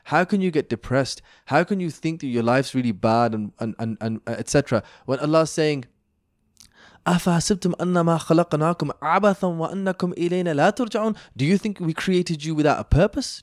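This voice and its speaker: A young man, a podcast guest, telling stories in a lively, chatty way, full of slang and fillers. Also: medium pitch, dry recording, clean studio sound. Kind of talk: animated storytelling in casual chat.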